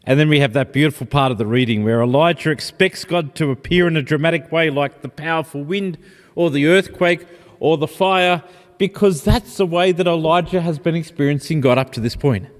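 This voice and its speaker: A man preaching a sermon in a gentle, reflective, personal way. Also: on the high side, a little fast. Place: church. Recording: long church reverb.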